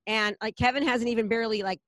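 A woman's voice: fairly high pitch, steady tone, fairly bright tone, no room sound. A woman leading a real estate team, talking casually and enthusiastically in a promotional chat with a colleague. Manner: enthusiastic, rapid, salesy, repeats herself.

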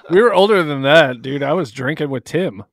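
A man's voice: on the high side, brisk, dry recording. A man co-hosting a podcast, making dry, teasing remarks in casual chat. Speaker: podcast co-host.

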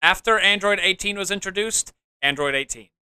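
A man hosting a casual podcast chat, upbeat and quick to laugh. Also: high voice, pushed and bright, clear, resonant tone, no room sound. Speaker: podcast host.

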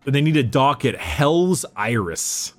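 A young man discussing a book casually, talking in eager quick bursts with some swearing. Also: mid-range voice, big pitch swings.

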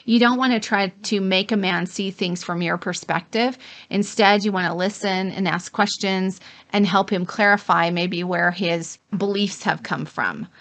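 A woman's voice: medium pitch, fairly even intonation, unhurried, a bit bright. A middle-aged woman co-hosting a casual advice chat, walking through points one by one. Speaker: co-host.

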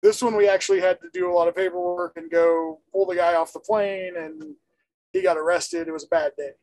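A man, a former airport screener, explaining his work in a matter-of-fact, halting way. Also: high-pitched, fairly even intonation, a little mellow, no echo, poor audio. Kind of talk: casual explanation.

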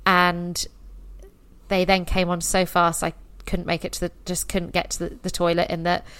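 A woman in her thirties, a podcast guest candidly telling her birth stories in a chatty, expressive way. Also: lowish voice, normal speed, clean tone, dry recording. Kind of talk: casual birth story telling.

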